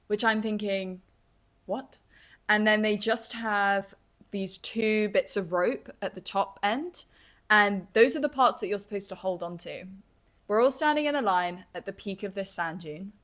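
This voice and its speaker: A woman's voice: mid-range voice, moderate pace. Chatty young woman telling a story. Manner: chatty, lively, filler-heavy with "like" and "kind of". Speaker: podcast host. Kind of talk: casual storytelling monologue.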